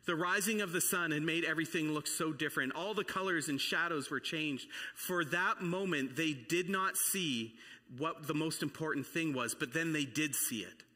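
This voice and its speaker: Earnest preacher, bright voice. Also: male voice, on the high side, normal speed. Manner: earnest, dramatic storytelling. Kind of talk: storytelling sermon. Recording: long reverb of a large hall.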